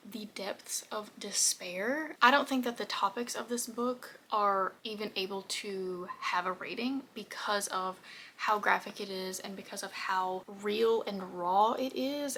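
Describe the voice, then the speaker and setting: A woman's voice: mid-range voice, sharp tone, a little hiss or hum. A young woman talking casually in a reading vlog, emotional and often dropping to a whisper. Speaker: book vlogger.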